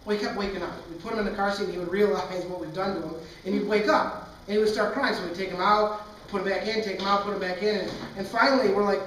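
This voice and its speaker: A man's voice: sits high, steady tone, fast, fairly bright tone, slight background noise. A young man, a pastor, preaching a sermon and telling a personal story in a candid, earnest, impassioned way. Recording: echoey hall, far from mic.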